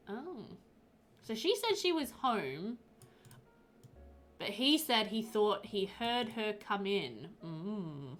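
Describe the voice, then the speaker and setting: A woman's voice: medium pitch, big pitch swings, slow, long pauses. A woman streaming a game, chatting casually and giggling with her viewers. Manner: giggly, chatty, talks to chat.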